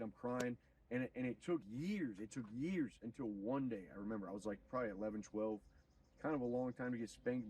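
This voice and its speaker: A man streaming, retelling a story in an animated, profane, preachy way. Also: medium pitch, distant mic, slight background noise, poor audio. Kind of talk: casual storytelling on a livestream.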